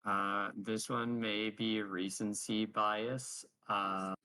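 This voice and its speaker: A man playing in a tabletop game, talking in a relaxed, offhand way. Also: on the low side, extremely slow, clear, resonant tone, low-quality recording. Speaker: player. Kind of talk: casual tabletop game banter.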